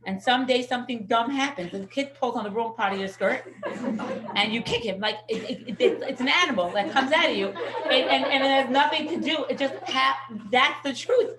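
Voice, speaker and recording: A middle-aged woman teaching a parenting class, telling lively stories. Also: sits high, brisk, crowd noise. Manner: lively anecdotal storytelling. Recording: echoey room.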